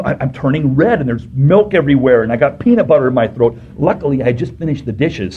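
A middle-aged pastor telling personal stories in a sermon, his voice swinging between hushed tones and loud bursts. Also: medium pitch. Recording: muffled, slightly noisy sermon recording.

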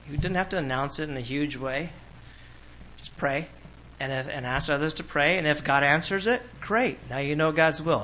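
A man from California preaches in a bright, forceful voice that sits a little high for a man. He tells personal stories in an animated, lively way and often breaks into laughs. Faint noise hangs behind him. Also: low-quality recording. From Orange County, California. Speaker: pastor. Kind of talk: sermon.

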